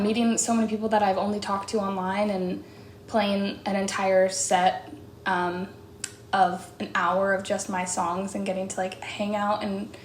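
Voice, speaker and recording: A young woman singer chatting casually as she answers fan questions, bubbly and full of "like"s and quick laughs. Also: medium pitch. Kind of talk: casual chat. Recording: echoey room with faint background noise.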